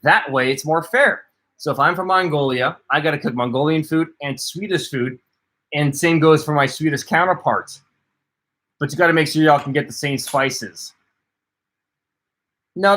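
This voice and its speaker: Co-hosting a laid-back livestream, this man reads out comments from viewers and answers them conversationally. His pitch is fairly high, with a slightly bright tone.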